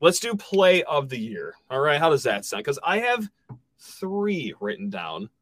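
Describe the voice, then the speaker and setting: Man, sports podcast host, fairly high voice, dry close sound, joking, animated. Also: no echo. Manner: joking, quick laughs, animated. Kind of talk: casual sports chat.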